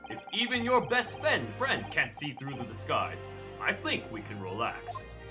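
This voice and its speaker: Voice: mid-range voice, wildly swooping pitch, measured pace, over loud music. A player voicing a jovial middle-aged professor and father who speaks in proper, old-fashioned phrases. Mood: calm. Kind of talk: fan voice reading of a game.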